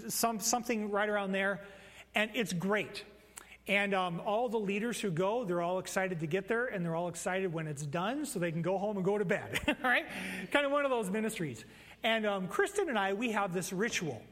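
A man preaching a sermon in a church, conversational and animated, with playful storytelling asides. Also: sits high, long reverb tail. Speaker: pastor. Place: church sanctuary.

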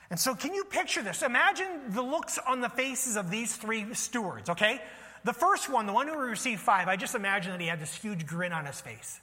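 A male pastor delivers a lively storytelling sermon, often asking his listeners questions. His voice is high and bright. It rings with a long reverb in a church hall. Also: normal speed.

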